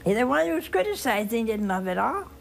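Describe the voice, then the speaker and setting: An older woman, a nun, giving a slow, tender spiritual talk on a call-in program, dropping to a whisper on key phrases. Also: fairly high pitch, big pitch swings, gravelly, a little hiss or hum. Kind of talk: spiritual teaching with phone calls.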